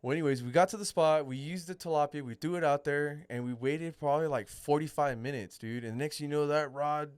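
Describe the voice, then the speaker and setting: A man's voice: a little high, a little fast, hardly any pauses, clear, resonant tone, dry recording. A young man on a podcast casually telling a rambling, profanity-filled fishing story and saying "dude" often. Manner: laid-back, rambling, swears a lot, says "dude".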